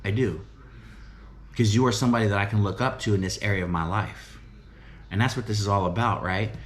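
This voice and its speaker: A middle-aged man giving an earnest, emphatic motivational talk about faith and recovery, often repeating phrases and asking "right?". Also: fairly low pitch. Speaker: recovery home director and preacher.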